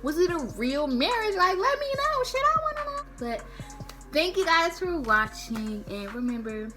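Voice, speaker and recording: A young woman vlogger, telling a slangy, animated storytime. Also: extremely high pitch, normal speed, music in the background. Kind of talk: storytime vlog.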